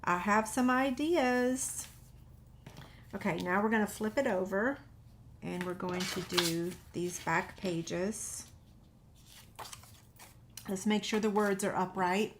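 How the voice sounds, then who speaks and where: A paper-craft video host chats with her viewers as she works, poking fun at herself in a casual tutorial style. Her medium-pitched voice moves slowly with frequent pauses, and her nose is slightly runny. There's noise in the background.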